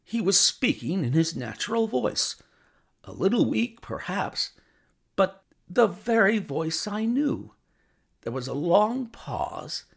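A man narrating a classic story in a measured, expressive way. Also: on the high side, gravelly, breathy edge. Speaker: audiobook narrator.

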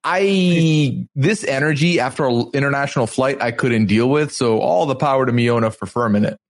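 A man's voice: mid-range voice, moderate pace. A man hosting a casual recap show, telling the story with energy and acting out the people he quotes. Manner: animated storyteller, acts out quotes. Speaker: podcast host.

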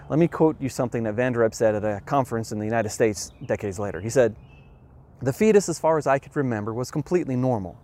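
A man's voice: mid-range voice, a little mellow. Earnest man explaining science. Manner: earnest, emphatic, with measured pauses.

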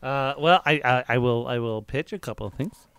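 A man co-hosting a podcast in casual comedic chat, deadpan and a bit halting. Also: mid-range voice, smooth, no echo. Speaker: podcast co-host.

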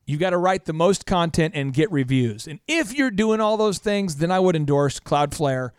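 A male business coach hosting a casual podcast, talking in an energetic, rambling way and reaching for analogies. His voice sits a little high. The sound is dry and close. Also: normal speed, smooth, dry recording.

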